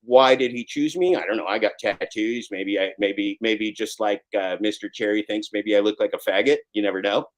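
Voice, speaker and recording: A man in his fifties, a guest in a live online interview, talking intensely and swearing, at times rising to a shout. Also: lowish voice, fairly quick, hardly any pauses, rough recording. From Oregon. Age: 50s.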